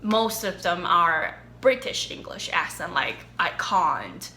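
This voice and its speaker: A young woman from China with a Chinese accent, chatting casually in a question-and-answer vlog, animated and quick to laugh. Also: fairly low pitch, roomy sound. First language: Mandarin Chinese. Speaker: vlogger. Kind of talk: casual Q&A chat.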